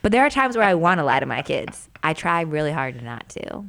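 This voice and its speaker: A low-voiced woman in her thirties talks casually on a podcast. She tells family stories with animated, acted-out quotes and plenty of "like." She is a mother sharing her views on parenting. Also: a little fast, creaky. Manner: animated storyteller, acts out quotes, frequent "like". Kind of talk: casual chat.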